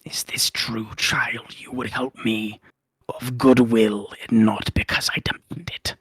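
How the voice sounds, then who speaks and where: An ancient, bitter spirit of death and rot speaks in a slow, hushed half-whisper, as a man puts him on. The delivery stays flat and menacing, and the sound is dry and close. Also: mid-range voice, breathy edge, no echo, full character voice. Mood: probing.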